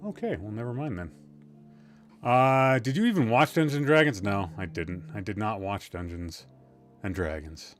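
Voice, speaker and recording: A man with a fairly low, expressive voice talks at a moderate pace over faint background music. As host of a casual gaming stream, he rambles, jokes about himself, swears now and then, and comes across tired and a little loopy.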